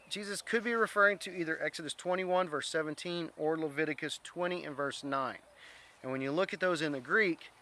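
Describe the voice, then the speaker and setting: A man's voice: on the high side, pushed and bright. A man teaching an informal Bible word study, earnest, reading scripture aloud and stumbling over Greek words.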